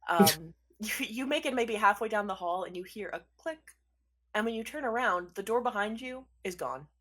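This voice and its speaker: Game master, woman, mid-pitched, relaxed storytelling narration for a tabletop campaign. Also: moderate pace, over a noisy crowd.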